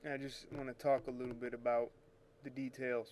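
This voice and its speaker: A man with a mid-range, darkish voice and little pitch movement hosts a photo retouching show, talking briskly through scanner settings as he works at his computer. It's a casual screen-share tutorial, chatty and rambling, with him correcting himself along the way; a little hiss or hum sits in the recording.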